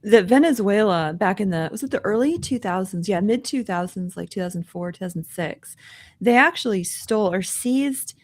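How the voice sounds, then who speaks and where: A woman co-hosting a podcast, thinking aloud and reacting quickly in casual news talk. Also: mid-range voice, expressive. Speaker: podcast co-host.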